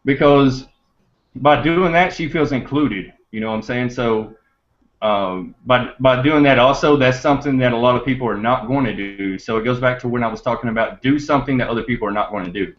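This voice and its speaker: A man's voice: mid-range voice, brisk. A man hosting a podcast, telling a story in a rambling, chatty way with laughs and fillers. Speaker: podcast host. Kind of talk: casual storytelling to listeners. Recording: dull lo-fi recording.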